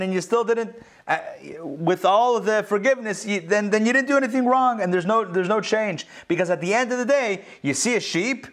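Rabbi teaching a live class, conversational. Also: male voice, sits high. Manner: conversational, many fillers and restarts, rhetorical questions. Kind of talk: live Torah class lecture. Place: school classroom.

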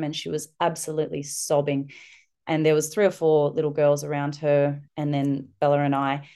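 A middle-aged woman, a guest on a parenting podcast, telling a personal story with lively, animated delivery. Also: sits low, normal speed. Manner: warm, animated storytelling, acting out children's voices.

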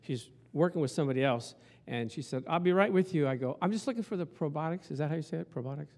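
A man's voice: on the high side, quick pace. A man preaching a sermon as pastor, telling stories and acting out quotes with lots of passion. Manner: animated, storytelling with acted-out quotes.

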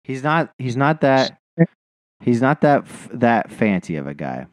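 Male podcast host, casual rambling story, lively pitch swings, dry close sound. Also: unhurried, no echo. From New Jersey. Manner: rambling storyteller, profane, laughs a lot. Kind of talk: casual chat.

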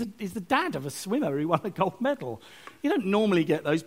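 Chatty man preaching. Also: high-pitched. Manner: lively, chatty and self-mocking, with asides and restarts. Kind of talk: sermon. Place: church service, streamed online.

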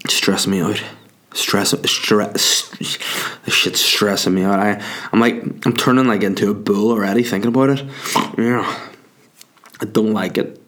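A man's voice: on the low side, fairly even intonation, unhurried, a bit bright. A man delivering a profane, rambling comic rant, worked up and exaggerating. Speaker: comedian.

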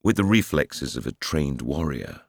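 Very deep gravelly male narrator. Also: big pitch swings, dry recording, clean studio sound. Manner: measured, dramatic. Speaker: audiobook narrator. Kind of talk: scripted narration.

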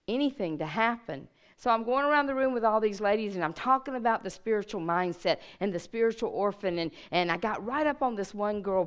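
A woman's voice: mid-range voice, clear, resonant tone. A woman giving a sermon as a guest speaker, telling a personal story with animation and talking straight to her listeners. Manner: animated storyteller addressing the audience directly. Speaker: guest speaker at a women's church gathering. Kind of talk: testimony sermon.

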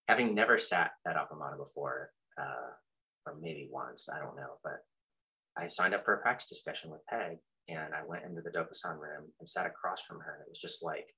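A middle-aged man telling a personal story in a halting, reflective way, full of fillers and restarts, with soft self-deprecating chuckles. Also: sits low, rough recording. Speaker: practitioner sharing his story.

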